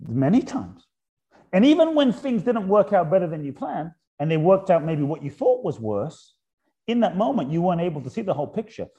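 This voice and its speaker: A man with a slightly high, warm, mellow voice reflects aloud as a guest in a spiritual conversation. His pitch moves in lively sweeps as he keeps returning to rhetorical questions. On his key points he drops soft and slow. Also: lo-fi sound. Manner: poses repeated rhetorical questions.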